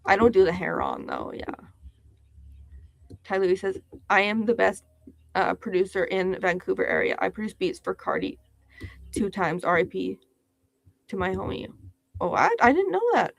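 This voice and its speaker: A woman's voice: medium pitch, big pitch swings, normal speed, creaky, pauses often, no room sound. A young woman hosting a casual livestream, chatty and giggly, reading viewers' comments aloud. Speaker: livestream host.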